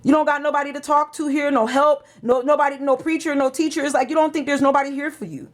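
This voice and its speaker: A woman's voice: high-pitched, fairly even intonation, fast talker. A woman gives a tarot reading. She talks in an emotional, preachy way, pressing each point with urgency. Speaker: tarot reader.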